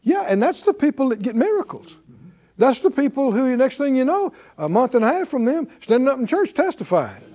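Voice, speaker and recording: A man's voice: very high voice, very animated, brisk, mellow. A man preaching a sermon in an emphatic call-and-response style, leading the congregation in repeating lines.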